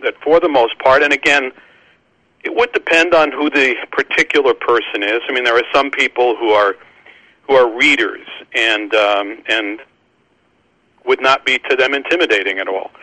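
This man, a podcast host and Christian book publisher, chats casually about Christian books in a mid-range voice. The audio is poor and has no room sound; he keeps restarting and repeating words, halting often but laughing warmly.

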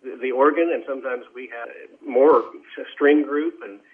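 A man who is a guest in a radio interview, speaking in a measured, courteous way with frequent fillers. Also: mid-range voice. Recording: tinny phone line.

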